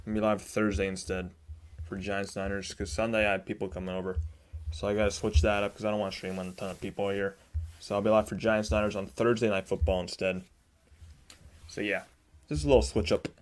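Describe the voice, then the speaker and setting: A young man hosting a live baseball stream, chatting casually with viewers and admitting a sore throat that leaves him a bit monotone. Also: lowish voice, brisk, clean tone. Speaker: sports stream host.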